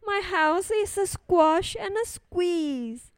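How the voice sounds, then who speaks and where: A woman voicing a fretful little old lady who pleads and complains in a drawn-out sing-song. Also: very high voice, lively intonation, no room sound, pitched above the performer's own voice, heavily acted. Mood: pleading, fretful.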